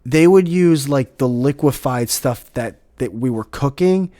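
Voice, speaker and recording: A man's voice: medium pitch, a little slow, no echo, studio quality. A man hosting a podcast in casual chat, ranting with lots of swearing and laughter. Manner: profane, animated ranting with frequent laughs. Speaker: podcast host.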